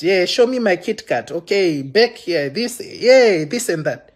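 High-pitched man ranting accusingly on a livestream. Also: lively intonation, unhurried, few pauses. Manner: impassioned and accusatory, with many restarts. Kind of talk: live-streamed rant to viewers. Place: London.

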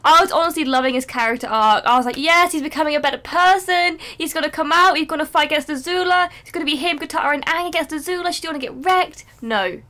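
Woman reacting to a show, high voice, swears a lot, all worked up. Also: fast talker, hardly any pauses, bright, forceful tone. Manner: emotional, ranting, swears freely. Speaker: reaction channel host. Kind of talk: casual reaction commentary.

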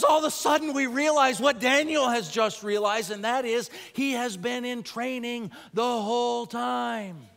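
High-voiced male preacher in a reverberant hall. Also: normal speed, creaky, few pauses, a little hiss or hum. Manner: animated storytelling, dropping to quiet earnest appeals. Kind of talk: sermon. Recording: long reverb of a large hall.

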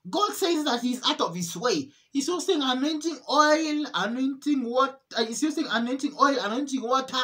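An earnest woman with a high voice recounts a religious vision as a testimony. She speaks emotionally, repeating and restarting phrases as she goes. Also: animated, a bit bright. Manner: earnest, repetitive, halting. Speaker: testimony preacher.

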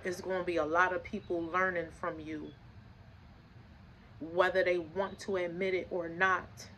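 A woman's voice: on the low side, little pitch movement, unhurried, pushed and bright. A woman delivers a casual tarot reading, speaking emphatically and preaching through rhetorical questions. She swears freely and circles back on her own phrases. A faint background noise sits under her voice. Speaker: tarot reader.

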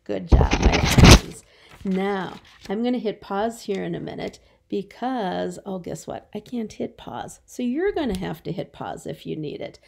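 A woman's voice: mid-range voice, big pitch swings, normal speed, creaky, hardly any pauses, mellow, slight background noise. A woman teacher giving a remote phonics lesson to young children, stretching out her words in a patient, encouraging way.

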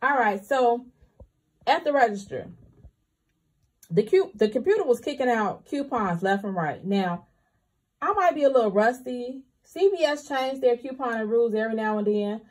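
A woman's voice: a little high, animated, normal speed. A young woman, chatting candidly to her viewers about her couponing trip and calling them y'all. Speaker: couponing vlogger. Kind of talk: casual chat to viewers.

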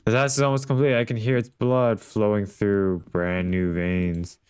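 A man's voice: on the low side, flat delivery, normal speed, a little mellow, smooth, no room sound, close to an everyday voice. An actor playing a sinister male master figure in a game, speaking in an intoning, ritual-like way. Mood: solemn. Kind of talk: game character dialogue.

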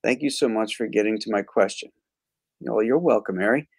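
A man's voice: on the low side, a little fast, slightly rough. A man hosting a casual interview chat, reading out viewer questions with some fillers. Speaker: host.

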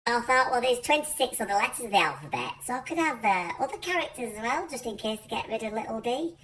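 A performer voicing a tiny, chirpy cartoon dumpling through a high-pitched phone filter, rambling chattily in a comic vlog. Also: very animated, fast, fairly bright tone, far from the mic, slight background noise. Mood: chatty.

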